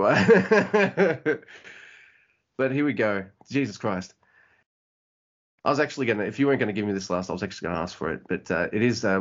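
Man, podcast co-host, casual chat, excitable, swears a lot, muffled lo-fi sound. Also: on the low side. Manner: excitable, swears often, acts out wrestlers' lines. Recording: dull lo-fi audio.

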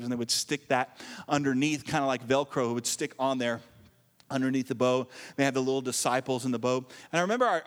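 A man's voice: mid-range voice, big-room sound. A man preaching a sermon as pastor, reading scripture with joking asides and calling on the congregation to answer back. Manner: animated preacher, joking asides and call-and-response.

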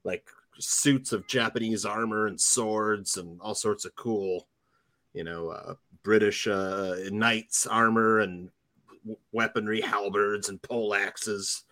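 Low-voiced rambling man. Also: steady tone, slow, pushed and bright, no echo. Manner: enthusiastic, rambling with fillers. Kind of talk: casual chat.

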